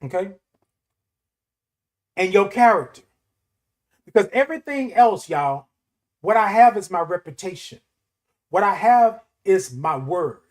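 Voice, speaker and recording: A man's voice: sits high, expressive, a little slow, long pauses. A middle-aged man hosting a morning show, giving a motivational talk in an emphatic, repetitive preaching cadence. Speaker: host.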